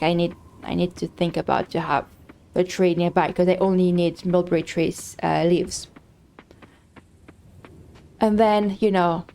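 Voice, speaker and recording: A woman's voice: mid-range voice, gravelly, darkish tone. A woman streaming a game live, chatting casually and thinking aloud, rambling with many fillers and restarts. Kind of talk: casual live-stream chat while gaming.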